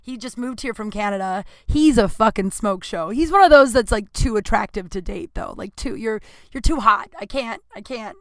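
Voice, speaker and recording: A woman's voice: mid-range voice, moderate pace, hardly any pauses, a bit bright, dry recording. A woman comedian hosting her podcast, telling blunt, profane personal stories and acting out both sides of conversations.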